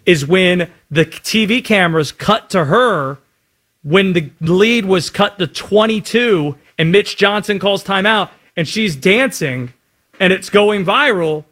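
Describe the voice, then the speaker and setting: Brief: male sports radio host, wry, fairly high voice. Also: expressive, slow pace, a bit bright.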